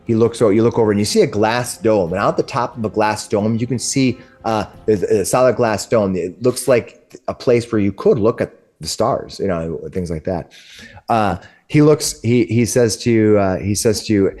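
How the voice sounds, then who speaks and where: A man narrating a tabletop game as game master, talking haltingly with many restarts. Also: lowish voice, darkish tone.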